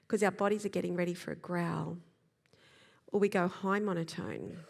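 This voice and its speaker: Lively woman explaining in a reverberant hall. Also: fairly low pitch, moderate pace, creaky. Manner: lively explaining, acts out examples. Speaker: speaker on child behaviour. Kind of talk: live talk to an audience.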